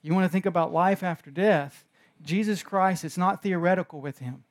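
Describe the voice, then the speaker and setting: A man preaching a sermon in an animated way, moving between hushed and emphatic delivery. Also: high voice, normal speed. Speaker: pastor.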